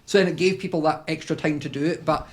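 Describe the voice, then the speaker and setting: A man's voice: on the high side, steady tone, fast. A young man from Scotland with a Scottish accent, chatting casually as a podcast guest and rambling with lots of filler words.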